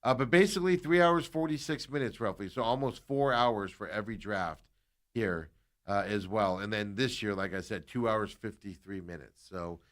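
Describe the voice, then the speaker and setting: A man co-hosting sports talk radio, telling stories in an excitable, animated way. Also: on the low side, moderate pace.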